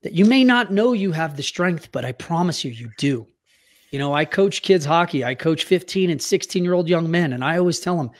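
A man's voice: a little high, animated, a little fast. A middle-aged man from the United States telling a heartfelt personal story as a podcast guest, earnest and at times choked up. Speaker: youth hockey coach.

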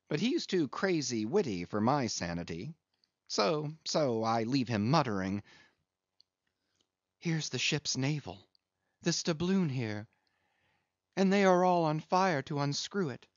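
A man's voice: a little high, no echo. A man reading aloud as a crazed young male cabin boy who rambles in singsong chants. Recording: dull lo-fi dry recording.

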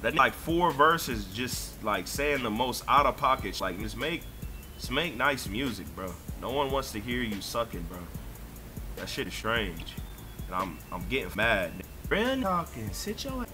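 Young man, gaming commentary, slow unhurried delivery, animated pitch, excitable and foul-mouthed. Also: music in the background. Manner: excitable, profane ranting with sudden shouts. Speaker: gaming streamer. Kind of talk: live gameplay commentary.

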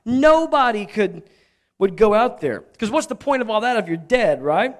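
A man with a high-pitched voice delivers a sermon as a church pastor. He talks in a relaxed, conversational way and often breaks off for quick jokes aimed at the people in the pews. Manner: conversational, joking asides to the congregation. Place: church sanctuary.

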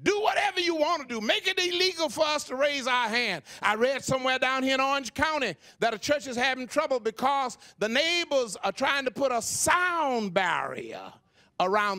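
Older man, bright voice, dry sound, impassioned stammering sermon. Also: extremely high pitch, very animated, normal speed, no echo. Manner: impassioned shouted preaching with stammered repetitions. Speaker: pastor.

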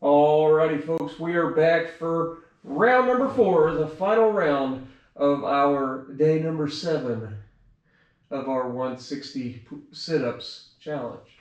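A man's voice: on the high side, animated, slow, muffled recording. Winded man counting reps in an echoey room. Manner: counts reps aloud between tired asides. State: out of breath. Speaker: fitness vlogger. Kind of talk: counting sit-ups on camera. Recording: echoey room, mic far off, noisy.

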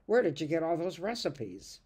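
An excited young schoolboy, put on by a woman telling the story, gushing and exclaiming his lines in a children's play. He talks in a higher, louder voice than the storyteller around him, all wide-eyed enthusiasm. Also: moderate pace, breathy edge, exaggerated voice. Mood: delighted.

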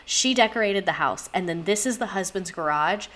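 A young woman hosting a casual livestream, reacting to house listings with animated gasps, swearing and constant asides to her chat. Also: mid-range voice, moderate pace. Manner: animated, gasping, profane, talks to chat directly. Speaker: livestream host.

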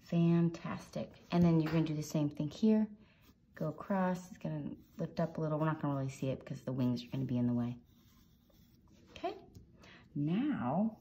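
A woman with a low, warm voice hosts a casual drawing tutorial, chatty and encouraging, making playful little sound effects as she sketches. The recording is muffled with a slight hiss or hum.

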